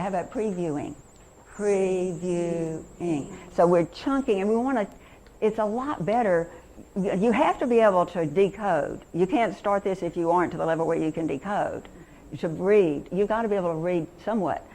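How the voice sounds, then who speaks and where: A woman's voice: fairly low pitch, darkish tone, a little hiss or hum, poor audio. Chatty enthusiastic woman teaching reading. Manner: enthusiastic, chatty, slows down to sound out words. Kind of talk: teaching demonstration.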